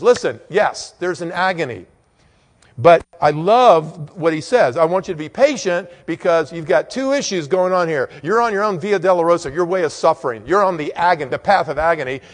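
A man delivering a church sermon in a slightly high voice. He shifts sharply between forceful, raised emphasis and hushed, slower passages. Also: in a large hall. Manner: dynamic, swings from loud emphatic peaks to quiet low storytelling. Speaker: preacher.

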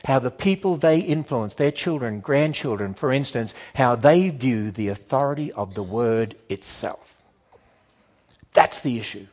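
Animated male preacher firing rhetorical questions. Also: medium pitch, measured pace. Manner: acts out quoted objections in shifting voices; emphatic, repetitive build-ups. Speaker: Christian speaker addressing a church audience. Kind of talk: sermon-style presentation.

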